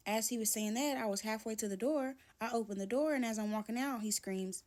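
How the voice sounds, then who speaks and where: A woman's voice: a little high, a little fast, hardly any pauses, darkish tone. A young woman telling a personal story to camera, animatedly acting out both sides of an argument. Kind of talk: storytime vlog.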